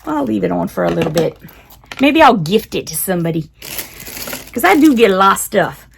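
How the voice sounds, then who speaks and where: A woman's voice: mid-range voice, big pitch swings, fairly quick, gravelly, a little hiss or hum. A woman chatting casually while unboxing, giggling often and talking to her cat. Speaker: unboxing vlogger.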